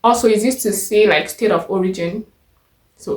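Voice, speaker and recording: A Nigerian woman teaching a language lesson, patiently repeating each phrase slowly and clearly. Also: mid-range voice, echoey room.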